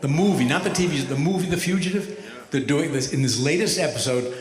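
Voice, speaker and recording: A man in his seventies, a rabbi doing stand-up comedy, telling stories with a wry, measured delivery and deadpan punchlines. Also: a little high. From United States. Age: 70s. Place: large hall with a live audience. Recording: echoey hall from far off.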